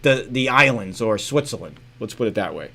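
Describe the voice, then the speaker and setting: A middle-aged man co-hosting a casual sports podcast, giving earnest explanations that drop off quietly at the ends. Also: fairly low pitch, lively intonation, normal speed, gravelly. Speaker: podcast co-host.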